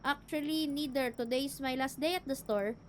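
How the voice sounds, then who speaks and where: A woman's voice: sits high, expressive, moderate pace, a little hiss or hum, voice pushed up. A woman voicing a friendly convenience store clerk in a game, chatting gratefully on the phone.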